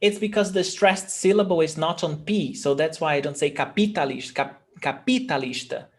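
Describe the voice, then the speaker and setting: A man's voice: a little high, a little fast. A man from Brazil teaching a Portuguese lesson, patiently repeating each word for his students. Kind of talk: language lesson explaining grammar.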